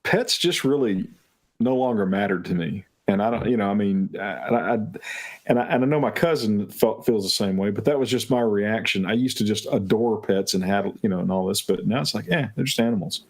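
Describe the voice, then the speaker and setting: A man's voice: on the low side, brisk. A man in casual chat, telling long rambling family anecdotes as a guest on a talk stream.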